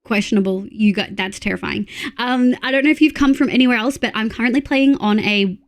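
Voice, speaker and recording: A young Australian woman chatting casually while live-streaming a game, excitable and swearing freely. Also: a little high, a little fast.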